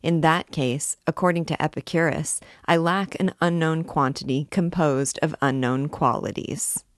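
A woman's voice: deep voice, steady tone, unhurried, no room sound, clean studio sound. A woman voicing a flippant, reckless young male student who talks back cheekily. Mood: cheeky. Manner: cheeky, mocking.

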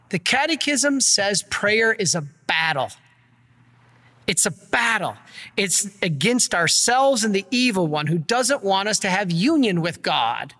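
Energetic priest preaching in a hall. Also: male voice, high voice, measured pace. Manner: earnest, energetic preaching, gets worked up. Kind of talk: sermon with slides.

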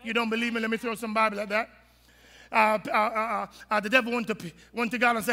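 A male pastor preaching a sermon in an animated, humorous and colloquial way, in a church sanctuary. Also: high voice, fast. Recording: long reverb of a large hall.

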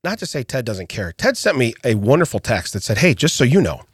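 Middle-aged male podcast co-host, lively pitch, chuckling raconteur, dry booth sound. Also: fairly quick, husky, no room sound. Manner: animated storyteller, laughs often, acts out quotes. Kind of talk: casual storytelling chat.

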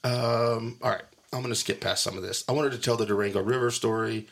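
A man's voice: medium pitch, steady tone, fairly quick, gravelly, fairly bright tone. A middle-aged man hosting a podcast in casual, joking chat, teasing and laughing often. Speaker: podcast host.

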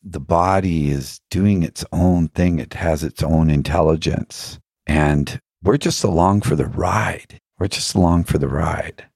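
A man's voice: rumbling low, unhurried, creaky, hardly any pauses, a little mellow, husky, no echo, clean studio sound. A man telling reflective spiritual stories as an interview guest, earnest and musing, often putting questions to himself.

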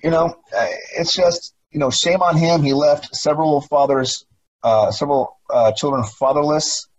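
A man's voice: on the high side, steady tone, moderate pace, muffled recording. A middle-aged man, a former police officer, talking emphatically as an interview guest, often repeating himself and asking rhetorical questions. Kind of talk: interview conversation.

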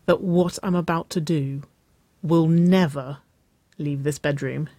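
A reader voicing a young woman who plays the wry, teasing big sister, often in a soft murmur. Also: mid-range voice, steady tone, a little slow, dry recording. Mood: hushed.

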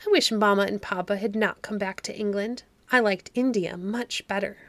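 A woman's voice: medium pitch, normal speed, fairly bright tone, no echo, close to an everyday voice. A woman reading a storybook aloud, voicing a discontented, spoiled little girl with a sighing, wistful complaint. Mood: plaintive. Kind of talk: audiobook reading.

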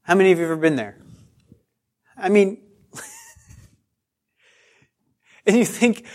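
In a high, darkish voice, a male pastor delivers a conversational sermon at a measured pace, pausing often. He's expressive, pokes fun at himself through personal stories, repeats phrases for emphasis, and stretches out key words.

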